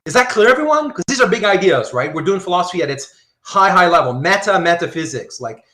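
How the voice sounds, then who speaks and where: A man giving a philosophy lecture, animated and repetitive, often checking whether his students follow. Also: a little high, reverberant. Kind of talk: university lecture.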